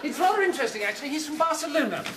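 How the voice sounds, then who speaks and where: A man's voice: extremely high pitch, animated, racing. An actor playing an uptight, sarcastic male hotel owner who mocks others in a sitcom clip. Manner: mocking, mimicking others. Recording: distant, echoey sitcom clip with loud audience and noise.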